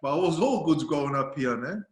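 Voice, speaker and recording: A man's voice: on the high side, a little fast, reverberant. A man with an Australian accent, a podcast guest chatting casually and telling stories with laughs. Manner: laughing, storytelling, quotes others in animated voices. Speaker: podcast guest, video creator. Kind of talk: casual chat.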